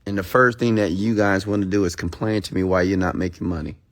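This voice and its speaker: A motivational speaker with a low voice talks quickly and keeps his intonation fairly even. His monologue is blunt and preachy, full of rhetorical questions fired at listeners and free swearing, all delivered emphatically.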